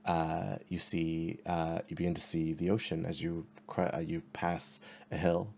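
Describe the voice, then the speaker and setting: A man narrating a tabletop game as game master, halting with fillers and laughing often. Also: deep voice, little pitch movement, creaky, darkish tone, slight background noise.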